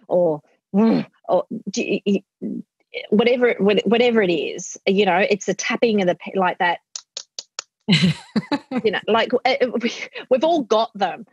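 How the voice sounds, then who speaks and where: A woman's voice: mid-range voice, a little slow, darkish tone, breathy edge, no room sound. A middle-aged woman being interviewed in casual chat, animatedly acting out what she tells her kids. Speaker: guest. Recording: muffled dry audio.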